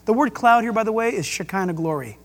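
Really high-voiced pastor guy preaching, gets all fired up, echo of a big church hall. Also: quick pace. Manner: excitable, emphatic preaching with jokes and rhetorical questions. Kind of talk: sermon. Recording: long hall reverb.

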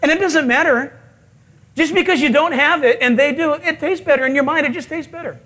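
A male pastor preaching a sermon, telling stories with animated acted-out quotes and chuckles. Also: very high-pitched, a little fast.

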